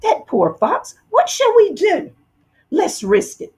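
A small, worried mouse wife with a shrill, anxious voice that sits very high, as a woman reader voices her. She speaks slowly and carefully in a storybook read-aloud. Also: huge pitch swings, darkish tone, full character voice.

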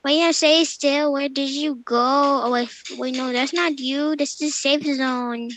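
A woman chatting casually while playing a game, excitable, squealing and giggly. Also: high-pitched, a little slow, dry recording. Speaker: gamer. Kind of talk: casual gameplay chat.

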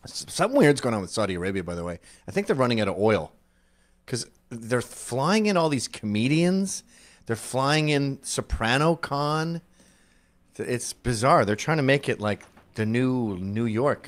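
A middle-aged man rants with comic sarcasm, his pitch leaping up and down as he mocks what he sees. He talks like a show host, loose and animated. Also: normal speed. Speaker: podcast host. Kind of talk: comedic commentary.

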